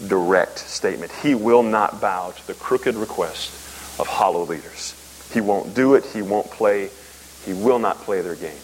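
A man preaching a sermon, emphatic, asking rhetorical questions and swinging from loud peaks to low, quiet lines. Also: rough recording. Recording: faint hiss.

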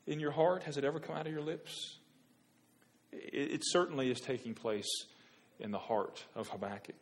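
Man preaching, hushed then pleading loudly. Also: mid-range voice. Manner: swings from hushed to loud, pleading rhetorical questions. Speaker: pastor. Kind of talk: sermon.

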